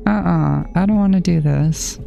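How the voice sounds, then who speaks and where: A woman's voice: fairly low pitch, moderate pace, gravelly, warm tone, soft background music. A woman giving horror game playthrough commentary, muttering to herself and nervously repeating herself. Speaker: gaming channel host.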